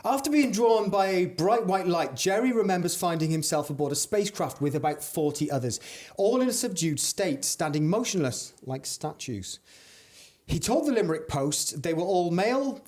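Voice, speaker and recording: Man, slightly high voice, podcast host, mock-dramatic storytelling, playful banter. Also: a little mellow. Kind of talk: comedic podcast chat, reading news stories.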